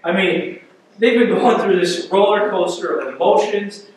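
Animated high-voiced pastor in an echoey church. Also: male voice, moderate pace, noisy background. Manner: animated, acts out quotes, conversational asides. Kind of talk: sermon. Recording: echoey church hall from far off.

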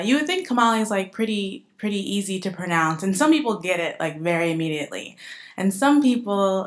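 A woman's voice: on the low side, a bit bright. A young woman from New Jersey, a surgical resident, speaking casually and upbeat on a conference panel. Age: young adult. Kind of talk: panel discussion.

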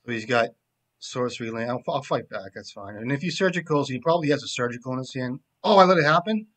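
A man giving casual, profane commentary while he plays a card game, joking around and often trailing off into low mumbles. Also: expressive, fast talker, fairly bright tone.

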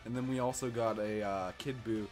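A young man commenting on his mobile game summons, hyped and shouting when rare cards drop, a little out of breath. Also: lowish voice, fairly even intonation, a little fast, soft background music. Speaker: gaming YouTuber. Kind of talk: excited gacha summon commentary.

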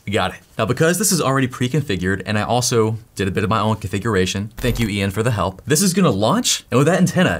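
A man hosting a tech video, explaining hardware in an excitable, jokey way that keeps interrupting itself. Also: mid-range voice, slight background noise. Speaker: tech YouTuber host.

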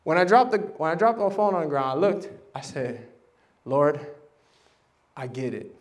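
A man preaching a sermon, animated and dramatic, acting out voices and swinging from loud bursts to hushed tones. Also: sits high, fairly quick. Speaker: pastor. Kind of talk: sermon storytelling. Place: church service.

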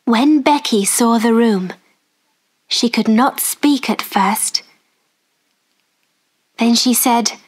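Very slow storybook narrator woman. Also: a little high. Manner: slow, careful, clearly spoken. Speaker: storyteller for English learners.

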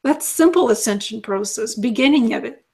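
A woman with a fairly high voice speaks as a channeled alien being. She lays out her teachings calmly and methodically, returning to the same points in numbered steps. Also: moderate pace, husky. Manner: calm, instructive, repeats lessons in lists.

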